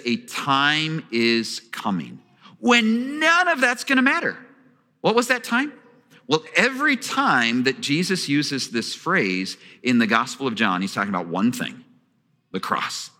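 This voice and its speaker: A man preaching in a sanctuary, telling his story with animated emphasis and putting questions to the congregation. His voice is bright and fairly high for a man, and it rings in the long reverb of a large church hall. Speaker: pastor. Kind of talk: sermon.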